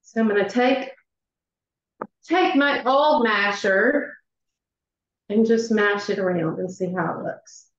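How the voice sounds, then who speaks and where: Middle-aged woman, Southern accent, excitable cooking host, dull lo-fi recording. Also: medium pitch, takes it slowly, pauses often. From Southern United States. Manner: chatty and excitable, many ums, says y'all. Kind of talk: live cooking demonstration. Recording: echoey room, dull lo-fi sound.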